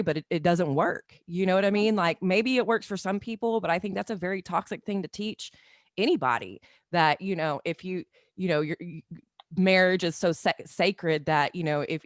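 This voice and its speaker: Earnest woman who talks in halting bursts. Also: sits low, no room sound, studio quality. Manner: earnest, halting, full of you-knows. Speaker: guest. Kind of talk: candid interview talk.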